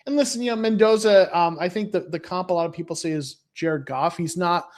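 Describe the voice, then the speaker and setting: A man's voice: high-pitched, fairly quick. Rambling man in casual fan chat. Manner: rambling, many restarts and fillers. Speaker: fan guest.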